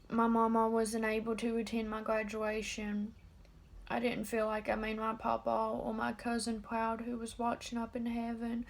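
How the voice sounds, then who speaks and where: An eighteen-year-old woman talking straight to camera in a personal confessional vlog, subdued and halting. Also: on the high side, creaky. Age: about 18. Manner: subdued, halting and openly emotional. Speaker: vlogger.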